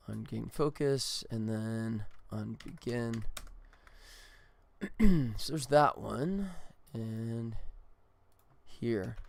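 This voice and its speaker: A man's voice: mid-range voice, creaky. A tired middle-aged man, a game developer, chatting casually and ramblingly on a livestream. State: exhausted.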